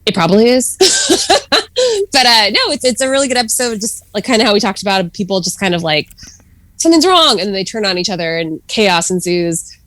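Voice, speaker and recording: A woman's voice: medium pitch, brisk, a bit bright, dry recording. A woman guest in a casual podcast chat, talking freely with fillers and frequent laughs. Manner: chatty, laughs often, many fillers.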